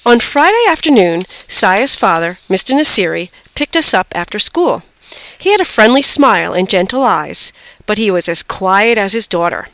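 A woman reading a children's storybook aloud in an expressive voice. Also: normal speed, no echo. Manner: expressive, lively pitch. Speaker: storybook reader.

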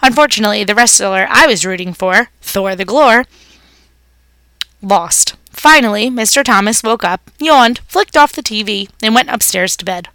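A woman's voice: medium pitch, expressive, moderate pace, bright, forceful tone, no room sound. A woman reading a children's story aloud, narrating expressively as a pet hamster.

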